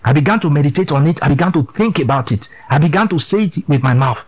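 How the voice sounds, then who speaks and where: A man's voice: fairly high pitch, expressive, fast talker, husky, poor audio. A man preaching a sermon, emphatic and repetitive, often asking listeners if they understand.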